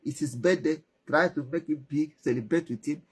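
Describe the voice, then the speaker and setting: Husky Nigerian woman giving advice. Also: deep voice, moderate pace. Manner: animated, repeats words, asks the listener questions. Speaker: relationship advice speaker. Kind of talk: storytelling advice talk.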